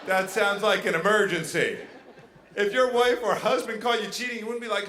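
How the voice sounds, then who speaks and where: Brash, bright-voiced male stand-up comic. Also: sits high, slight background noise. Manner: brash, animated, jumping into quick voices. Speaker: stand-up comedian. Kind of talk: stand-up comedy set. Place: casino showroom stage. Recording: echoey venue with faint ambience.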